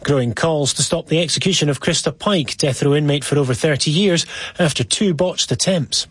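Husky male radio news presenter. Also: a little high, fairly bright tone, dry recording. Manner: brisk formal broadcast delivery. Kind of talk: scripted news headlines. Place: radio studio. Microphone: studio microphone.

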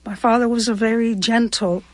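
A woman's voice: on the high side, steady tone, brisk, darkish tone, dry recording. An older woman from Cuba, a guest in an interview, recalling her past in a heartfelt, vivid and reflective way. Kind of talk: personal storytelling interview.

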